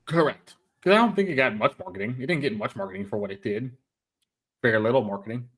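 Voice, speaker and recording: Animated man arguing about anime. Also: mid-range voice, fast, breathy edge. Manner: animated, emphatic, repeats himself. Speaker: podcast co-host. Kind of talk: casual anime chat.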